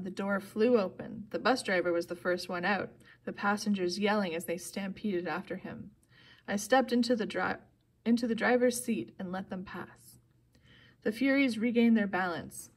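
A woman reading a novel aloud steadily, lifting her voice for the characters' lines. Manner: reads steadily, voicing characters with louder, higher bursts. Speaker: audiobook reader.

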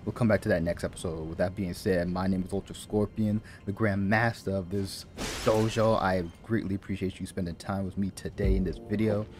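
Briskly and with hardly any pauses, a man with a low-sitting voice plays through a video game for his YouTube channel. His let's-play commentary is casual and animated as he talks to the characters, mutters, and laughs to himself.

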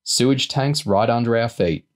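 A man's voice: mid-range voice, moderate pace, lightly acted. A man reading aloud and voicing a streetwise boy who speaks firmly and bluntly. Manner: firm, matter-of-fact.

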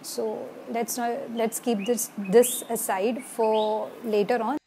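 A woman with an Indian accent gives an informal lecture with a fairly high, mellow voice. She talks haltingly, filling gaps with "uh" and "you know". A faint hiss sits under the recording. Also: fairly even intonation. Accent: Indian English. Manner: hesitant, many fillers, switches between English and Hindi. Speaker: homeopathy lecturer. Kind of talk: casual online lecture.

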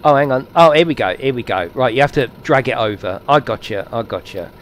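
A man giving excitable, chatty live commentary while streaming a game and talking to his viewers. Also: mid-range voice, a little fast, a little hiss or hum.

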